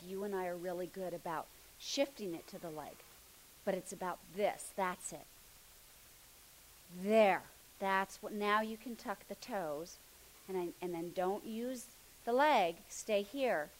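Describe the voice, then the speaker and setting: A woman's voice: mid-range voice, moderate pace, low-quality recording. A woman instructing a movement class hands-on, coaxing and encouraging, often dropping to a near murmur as she moves around the room.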